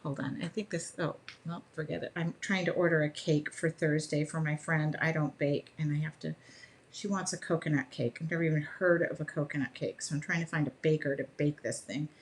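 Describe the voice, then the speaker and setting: A woman's voice: low-pitched, steady tone, fairly quick. A middle-aged woman hosting a live art journaling demo, chatting casually and laughing often as she works. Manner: chatty, laughs often, talks while working.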